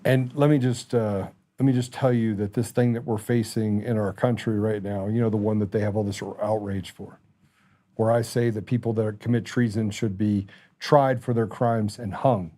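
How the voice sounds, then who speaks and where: A man's voice: lowish voice, steady tone, moderate pace, warm tone. A middle-aged man hosting a talk show, delivering an angry, impassioned political commentary monologue.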